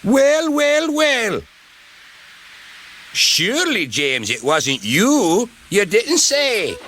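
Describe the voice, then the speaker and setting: A man doing a shrill, spiteful brake van. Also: huge pitch swings, unhurried, sharp tone, slight background noise, heavily acted. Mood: sneering. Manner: sneering and taunting. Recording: music playing underneath.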